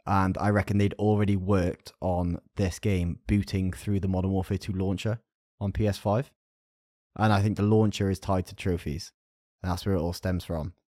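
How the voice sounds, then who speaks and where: A man hosting a casual gaming podcast, chummy and quick to hedge his guesses. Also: low-pitched, a little mellow, no echo, studio quality. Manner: chummy, hedging speculation. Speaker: podcast host.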